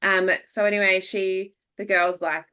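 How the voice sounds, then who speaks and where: A woman with an Australian accent hosting a podcast, telling a lively anecdote in casual chat, acting out what people said and laughing often. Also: medium pitch, unhurried, clear, resonant tone. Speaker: podcast host. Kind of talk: casual chat, animated storytelling.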